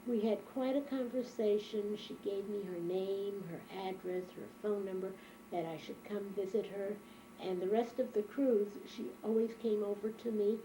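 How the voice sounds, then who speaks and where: An older woman from Germany, recounting her memories in a reflective, unhurried oral history interview. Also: mid-range voice, fairly even intonation, mellow, slight background noise, rough recording.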